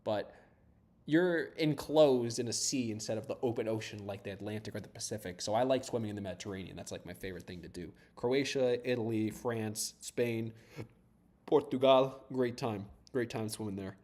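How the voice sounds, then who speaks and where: Speaking at a moderate pace with a fairly low, darkish voice, a startup founder from south of Boston debugs code on a live stream. He talks casually and rambles, laughing often and swearing now and then.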